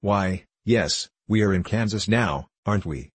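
A man's voice: fairly low pitch, measured pace, slightly rough, no room sound. A man voicing a curious, polite little girl in an audiobook reading. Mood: earnest. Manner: polite, earnest.

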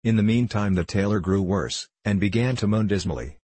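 A man narrating a novel aloud in a steady storytelling manner, slipping into rough voices for the characters. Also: fairly low pitch, fairly quick, no echo.

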